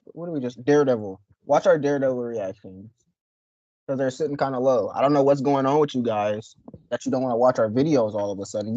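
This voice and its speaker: A young man co-hosting a casual reaction video, joking and rambling with loud laughs. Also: medium pitch, dry recording, dull audio. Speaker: reaction channel co-host.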